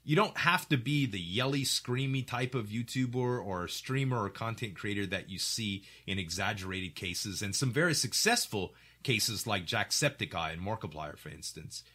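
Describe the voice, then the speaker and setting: Articulate man with a bright, lively voice. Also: lowish voice, moderate pace, hardly any pauses, husky. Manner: articulate, animated storytelling with voiced quotes. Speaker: podcast host. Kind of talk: casual podcast chat.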